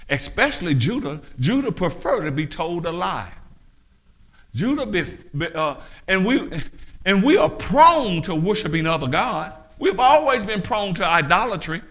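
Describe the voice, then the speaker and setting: A male pastor delivering a fiery sermon. His voice sits high and rings bright and forceful. He throws rhetorical questions at the listeners and swells into shouts. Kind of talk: preaching sermon.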